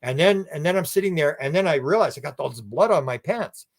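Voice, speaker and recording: A man as an interview guest, telling a long story in an animated, rambling way and acting out what people said. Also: on the high side, fast. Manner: animated, rambling, acts out quoted speech. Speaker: guest researcher.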